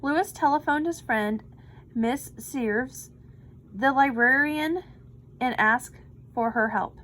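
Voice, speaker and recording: A woman reading a children's picture book aloud with slow, expressive delivery. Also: high-pitched, poor audio. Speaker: storybook reader.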